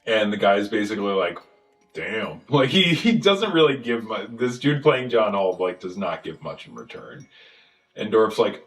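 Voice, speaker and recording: Animated man recapping a movie. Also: lowish voice, normal speed, echoey room, soft background music, low-quality recording. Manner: animated, acts out scenes in silly voices. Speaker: podcast host. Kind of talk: casual movie recap chat.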